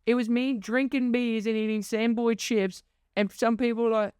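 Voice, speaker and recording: Young male host, exasperated sarcastic monologue, clean crisp delivery, dry booth sound. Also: extremely high pitch, little pitch movement, normal speed, darkish tone, no room sound. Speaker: podcast host. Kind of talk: ranting monologue.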